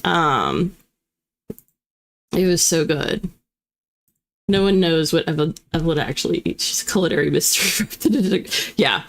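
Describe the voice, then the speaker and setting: A young woman livestream host with a slight Southern US twang and a low voice chats casually with viewers, her intonation lively. She laughs often and rattles off quick, auctioneer-like spiels.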